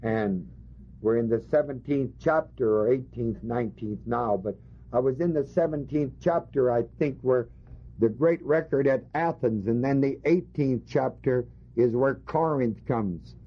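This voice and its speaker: In a dull lo-fi recording, a male preacher with a mid-range voice teaches a Bible passage to his congregation at a measured pace. His sermon is emphatic and leans on rhetorical questions.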